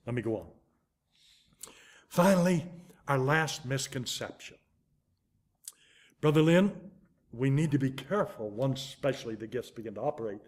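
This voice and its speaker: An older man preaching a sermon, telling a story with animated, dramatic swings in loudness and pace. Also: medium pitch.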